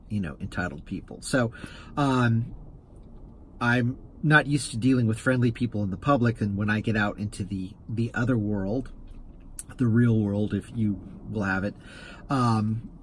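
Low-voiced man telling a story. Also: a little hiss or hum. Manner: rambling, stammering restarts, plain storyteller. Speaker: rideshare driver and vlog host. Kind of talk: casual anecdotal vlog monologue.

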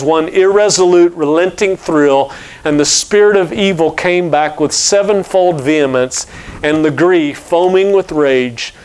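A male preacher reads a story aloud in a sermon, slow and solemn with dramatic weight. His voice is fairly high for a man and very smooth and clear. He delivers it at an unhurried pace. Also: rough recording. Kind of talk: reading a novel aloud in a sermon.

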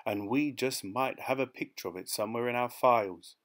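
A man's voice: medium pitch, a little fast, natural voice. A man doing a bullying motorcycle cop. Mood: stern. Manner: soft and mocking, then barking. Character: big menacing male motorcycle policeman.

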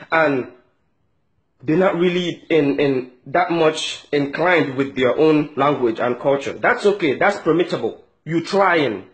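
A man delivers an indignant, mocking rant straight to camera. His voice sits high for a man, and he trips over repeated words as he pushes his point. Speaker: vlogger. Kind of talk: angry opinion rant to camera.

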